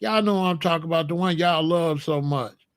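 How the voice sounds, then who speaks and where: Blunt, high-voiced man ranting. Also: normal speed, clean tone, no echo, studio quality. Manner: blunt, emphatic and scolding. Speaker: commentator. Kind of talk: opinionated monologue to a live chat.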